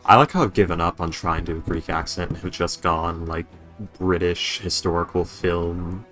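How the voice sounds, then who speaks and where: A man with a low voice plays in a tabletop game, joking in a dry, low-key way. Faint music sits behind him. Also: fairly even intonation, normal speed, a bit bright. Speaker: player. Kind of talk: casual tabletop chat.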